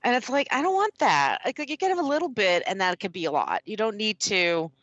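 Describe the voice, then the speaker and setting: A woman of middle pitch co-hosting a podcast in relaxed conversation. She is emphatic and quick to agree, jumping in with short replies. Her voice sits close and dry. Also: no room sound, lo-fi sound. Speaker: podcast co-host. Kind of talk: casual chat.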